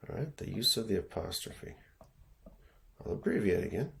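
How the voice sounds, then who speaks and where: A man's voice: low-pitched, normal speed, gravelly. A man working as an education consultant, giving a casual teaching talk to schools and checking in often with "okay?" and "right?". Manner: relaxed, repeats himself, lots of fillers and "okay?" checks.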